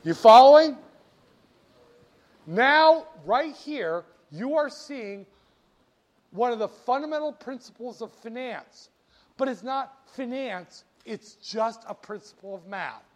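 The voice belongs to a male finance lecturer whose pitch is extremely high, and he takes his time speaking. In an animated classroom lecture, he teases students and slips jokes and quizzes in between the math.

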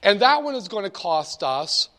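A man's voice: high voice, big pitch swings, normal speed, fairly bright tone. A man with a slightly raised voice gives a lecture. He talks loosely and conversationally, drifting into stories before he comes back to the lesson. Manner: conversational, digressive storytelling. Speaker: instructor. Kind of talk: storytelling lecture.

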